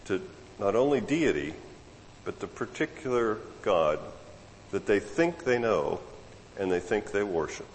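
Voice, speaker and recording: A man preaching a sermon, emphatic and repetitive, dropping low and then rising sharply for emphasis. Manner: emphatic, repeats words, swings from low murmur to raised voice. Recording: long hall reverb.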